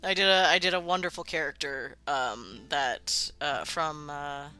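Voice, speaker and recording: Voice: medium pitch, a little slow, sharp tone, clear, resonant tone, faint music behind. A streamer chatting casually while building a game world, rambling, laughing often and swearing freely. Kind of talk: casual live-stream chat.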